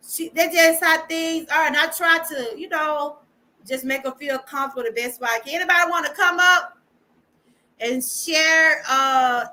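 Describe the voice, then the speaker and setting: A woman's voice: high-pitched, sharp tone. A middle-aged woman with a Georgia Southern accent, hosting a casual live stream and chatting with viewers, calling them y'all.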